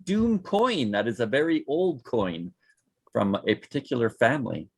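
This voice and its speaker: Male tabletop player, husky mid-range voice, narrates his moves and slips into character. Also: mid-range voice, very animated, moderate pace. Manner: describes his character's actions, drops into short in-character lines. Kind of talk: tabletop role-play, in and out of character.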